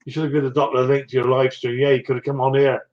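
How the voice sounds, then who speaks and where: A man's voice: mid-range voice, flat delivery, racing. Chatty West Country man, dull lo-fi audio. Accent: West Country English. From South West England. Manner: rambling, chatty, answers viewers' comments with laughs. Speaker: live streamer. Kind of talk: casual live-stream chat.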